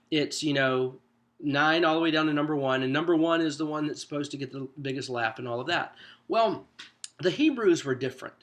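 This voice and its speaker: A man's voice: fairly high pitch, fairly bright tone. A man coaching church small group leaders in a casual, conversational teaching style, with frequent fillers and restarts.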